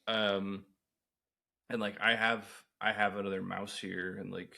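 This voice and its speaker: Rambling low-voiced young man. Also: little pitch movement, normal speed, creaky, sharp tone. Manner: rambling, swears a lot, lots of fillers. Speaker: podcast co-host. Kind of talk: casual chat.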